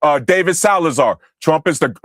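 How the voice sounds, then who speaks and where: A man's voice: a little high, expressive, measured pace, fairly bright tone, no room sound, studio quality. A man from the United States hosting a livestream, ranting angrily and profanely at his chat and berating commenters. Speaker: livestream host. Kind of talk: angry livestream rant at chat.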